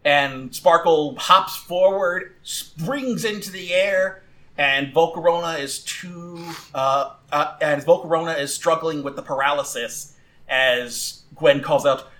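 A man's voice: on the high side, steady tone, a little slow, fairly bright tone. A man narrating a tabletop game as game master, with loose, restarting delivery and fillers.

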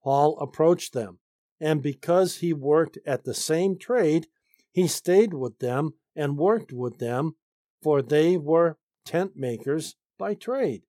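A man teaching the Bible, reading commentary aloud and explaining it slowly, stressing key phrases. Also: fairly high pitch, animated, mellow, no room sound, studio quality. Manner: slow, deliberate reading with emphatic stresses.

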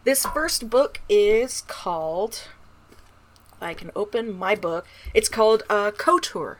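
A woman's voice: mid-range voice, animated, slow pace. A woman co-hosting a podcast in casual chat, candid and laughing often, with the odd swear word. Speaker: podcast co-host.

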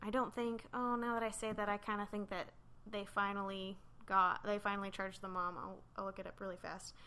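A woman with a mid-pitched voice tells a story casually on a podcast. She talks in loose, chatty runs filled with "like" and restarts. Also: level tone, a little fast, pushed and bright, clean tone. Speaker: podcast co-host. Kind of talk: casual chat.

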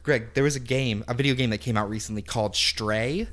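A man's voice: medium pitch, brisk, a bit bright. A man co-hosting a podcast in casual chat, jokey and rambling, filling his speech with "like". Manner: jokey, rambling, heavy use of "like". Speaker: podcast co-host.

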